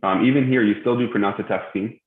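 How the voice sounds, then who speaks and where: A man teaching a tajweed class online, patiently walking students through pronunciations with frequent pauses. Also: fairly low pitch, fairly even intonation. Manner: patient, many "um" pauses, spells out pronunciations slowly. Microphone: video call. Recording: tinny phone-like call audio in an echoey room.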